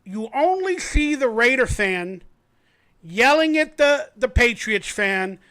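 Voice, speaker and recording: High-voiced man ranting about football. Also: slow pace. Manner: animated, rambling storytelling. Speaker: host of a fan livestream. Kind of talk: casual sports commentary.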